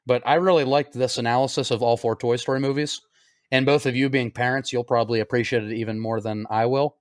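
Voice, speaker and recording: A man in his thirties co-hosting a podcast, laughing a lot and retelling scenes with animated energy. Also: medium pitch, no room sound, studio quality. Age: 30s. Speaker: podcast co-host. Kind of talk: casual chat.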